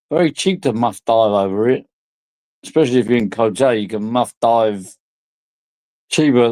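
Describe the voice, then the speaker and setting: A man's voice: mid-range voice, warm tone, dry recording. A drunk man, rambling crudely and giggling through a casual vlog chat. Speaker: vlogger.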